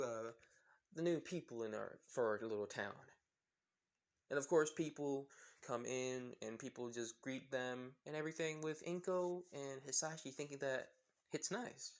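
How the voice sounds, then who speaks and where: A man at an ordinary middle pitch tells a story off the cuff. He wanders, fills gaps with filler words, and corrects himself as he goes. The delivery stays loose and unscripted. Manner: rambling, with many fillers and self-corrections. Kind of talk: casual spoken retelling of a fan story.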